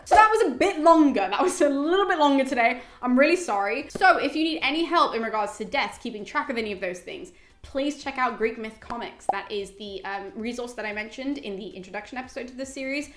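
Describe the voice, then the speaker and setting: Chatty young woman summarizing a book. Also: on the high side. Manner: chatty, animated, many fillers. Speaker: host. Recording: roomy echo.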